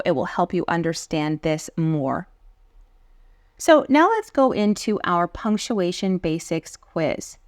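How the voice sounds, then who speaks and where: A woman teaching an online English lesson, explaining punctuation rules patiently and clearly and reading example sentences aloud. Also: mid-range voice, dry recording, clean studio sound.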